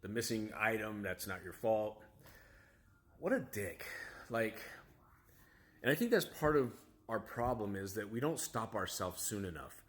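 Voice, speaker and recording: A man's voice: fairly low pitch, expressive, measured pace, long pauses, a bit bright. A man, a father, casually telling a story to camera in a rambling, self-critical way, full of restarts and asides. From United States. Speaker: vlogger, father.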